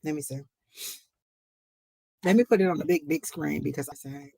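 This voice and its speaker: This psychic reader and livestream host has a low, warm voice with vocal fry and a breathy edge, speaking at normal speed with long pauses in a dry recording. During her live reading stream she talks emphatically, repeats phrases for effect, calls out to the Lord, and chats off-topic with viewers.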